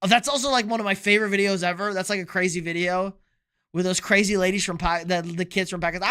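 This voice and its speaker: Bright, high-voiced young man streaming. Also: fairly even intonation, fast talker, clear, resonant tone. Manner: loose, profane, reads chat questions aloud. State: drinking beer. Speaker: sports streamer answering chat. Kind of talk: casual live-stream chat.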